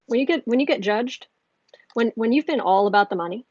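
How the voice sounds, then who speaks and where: A woman's voice: fairly high pitch, expressive, brisk, darkish tone, no room sound, muffled recording. Worked-up woman venting on a livestream. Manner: heated, ranting, frequent restarts. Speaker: tarot reader and channel host. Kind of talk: livestream tarot reading with chat.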